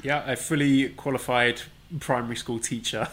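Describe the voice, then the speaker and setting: A man co-hosting a casual podcast, trading dry, deadpan remarks at a middling pitch. His voice is bright and forward, with a crisp edge. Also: normal speed, low-quality recording. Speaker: podcast co-host.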